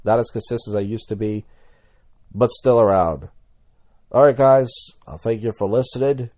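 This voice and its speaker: Man, low pitch, mellow dark tone, blunt rambling vlog commentary. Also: moderate pace. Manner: rambling, blunt, many restarts. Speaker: YouTuber.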